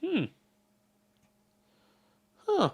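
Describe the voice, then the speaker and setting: A man hosting a livestream, rambling and joking as he reacts to the chat. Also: extremely slow. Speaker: livestream host reading chat. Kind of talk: casual stream chat.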